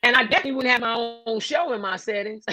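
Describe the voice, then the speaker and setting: Animated woman hosting a livestream. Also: on the high side, fast, over music, rough recording. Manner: animated, playful, preachy. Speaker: livestream host. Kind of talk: casual livestream chat.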